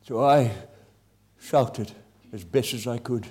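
A man preaching a testimony sermon, impassioned, with swings between loud and hushed delivery. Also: mid-range voice, slow pace, pauses often, slight background noise.

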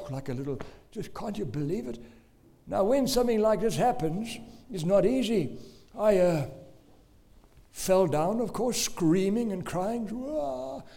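A man's voice: high voice, mellow. A middle-aged man with a South African accent preaching a sermon, emphatic and given to exclamations as he tells stories.

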